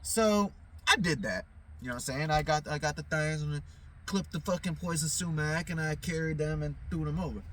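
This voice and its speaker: Speaking at normal speed in a slightly high voice, a male vlogger goes off on a loose, profane, rambling monologue. "You know what I'm saying" comes up again and again as he stammers, restarts, and loses track of his thoughts.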